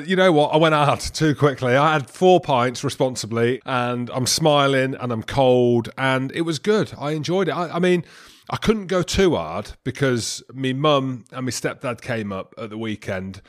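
A man co-hosting a podcast, telling stories in boisterous, teasing banter. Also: medium pitch. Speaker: podcast co-host. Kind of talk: casual banter.

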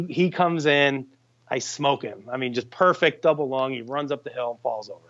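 A man casually telling a hunting story on a podcast, animated and swearing freely as he acts out his friends' lines. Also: mid-range voice, normal speed, dull audio. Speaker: guest hunter telling a story.

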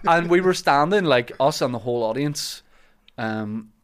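A man hosting a podcast, telling comic stories in a casual chat and shouting out the lines he quotes. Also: mid-range voice, animated, normal speed, clear, resonant tone. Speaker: podcast host.

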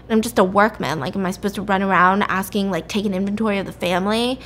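A woman's voice: medium pitch, fast, slight background noise. A woman host retelling a story in a chatty, casual way, full of "like" and asides. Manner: chatty, lots of "like", animated retelling. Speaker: podcast host.

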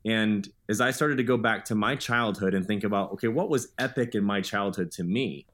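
A man's voice: on the low side, fairly quick, a bit bright. A man in his thirties, a guest author telling stories in an earnest, upbeat way in a podcast interview.

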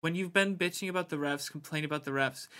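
A man's voice: fairly high pitch, quick pace, sharp tone, smooth. A man co-hosting casual sports talk, laid-back and hesitant, with many fillers.

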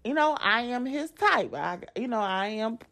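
A woman's voice: on the high side, normal speed. A young adult woman hosting her own podcast, talking casually and animatedly straight to her listeners, often restarting her sentences. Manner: chatty and animated, addresses listeners directly, frequent restarts. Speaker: podcast host. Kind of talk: casual chat.

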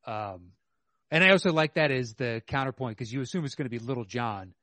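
A man co-hosting a podcast, talking about movies in a measured, hesitant way with many fillers. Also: medium pitch, animated, sharp tone, dry recording. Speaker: podcast co-host. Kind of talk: casual movie chat.

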